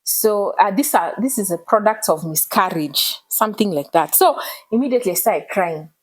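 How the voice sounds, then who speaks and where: A woman, telling her personal story in an emotional, animated way as an interview guest. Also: medium pitch, moderate pace, slightly rough, rough recording. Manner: earnest, animated retelling with code-switching.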